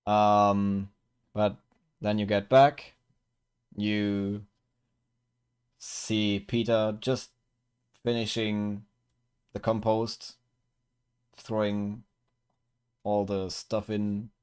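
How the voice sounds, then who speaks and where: Slow, smooth-voiced male game master. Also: fairly low pitch, flat delivery, darkish tone. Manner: unhurried narration with fillers. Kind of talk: narrating a tabletop game.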